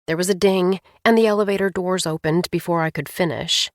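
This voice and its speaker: A woman's voice: on the low side, moderate pace, fairly bright tone, dry recording, studio quality. A woman narrating a first-person novel as an audiobook, reading expressively.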